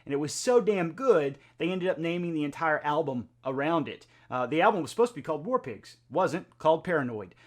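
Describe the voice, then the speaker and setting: A man's voice: fairly high pitch, animated, fairly quick, few pauses, a little mellow. A man hosting a music reaction video, talking in a chatty, conversational way with lots of filler words. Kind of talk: casual reaction video talk.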